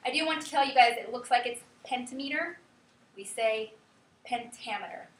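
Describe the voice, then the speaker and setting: A woman teacher giving a classroom lesson, lively and chatty, often checking in with her students. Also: on the high side, brisk. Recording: roomy classroom from a far camera.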